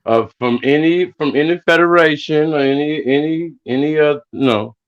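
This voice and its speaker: A man hosting a casual wrestling podcast, steering the talk with relaxed questions. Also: fairly high pitch, dull audio. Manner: slow, laid-back, asks questions to steer the talk. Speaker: podcast host.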